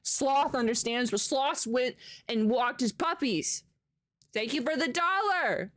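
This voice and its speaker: A woman's voice: high-pitched, expressive, slow pace. An American woman livestreamer chatting casually with viewers, rambling and laughing often. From United States. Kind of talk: casual chat with live viewers.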